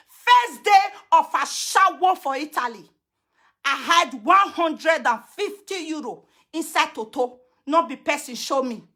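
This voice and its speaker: A Nigerian woman with a Pidgin-mixed accent, ranting loudly and confrontationally in a social media video, breaking into chants. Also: high-pitched.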